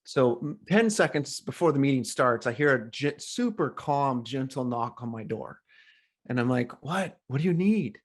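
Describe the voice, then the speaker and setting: A middle-aged man, a coach, telling a story as a podcast guest in a lively, animated way. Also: mid-range voice, moderate pace. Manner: animated storyteller, acts out quoted voices. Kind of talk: casual storytelling interview.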